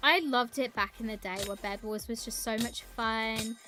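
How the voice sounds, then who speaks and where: A woman's voice: a little high, normal speed, over music. A young woman streaming a game, chatting in a rambling, casual way and greeting her viewers. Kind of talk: casual live-stream chat while gaming.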